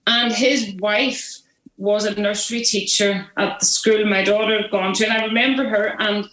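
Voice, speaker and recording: Northern Irish woman, animated anecdote-teller, recorded in a roomy space. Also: mid-range voice, moderate pace. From Belfast, Northern Ireland. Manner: chatty, animated, lots of restarts and acted-out quotes. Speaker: guest. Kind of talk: casual storytelling.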